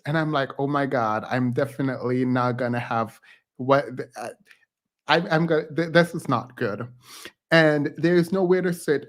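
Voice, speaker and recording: A man hosting a live stream from home, tired but chatty, telling a rambling story with frequent laughs. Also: a little high. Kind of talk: casual storytelling chat.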